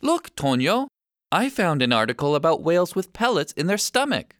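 A man's voice: fairly high pitch, big pitch swings, normal speed, no echo, clean studio sound, pitched above the performer's own voice. A man voicing an earnest little boy pleading with his older brother in a storybook.

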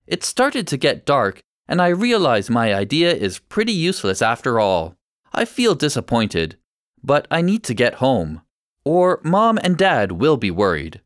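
A male narrator reads a first-person story in a clear, measured way. His pitch moves in lively, animated swings, and the recording is dry and close with no room sound. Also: no echo.

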